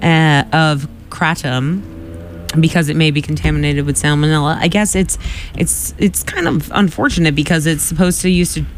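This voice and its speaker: A man's voice: fairly high pitch, normal speed, soft background music. A man co-hosting a casual news chat show, chatty, laughing often and trailing off into fillers. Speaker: co-host.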